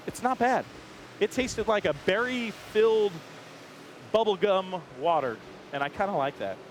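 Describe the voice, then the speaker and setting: A man's voice: high-pitched, a little slow. A man hosting a walking tour of a race garage, chatting upbeat and joking with crew members outdoors. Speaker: host. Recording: faint outdoor background noise.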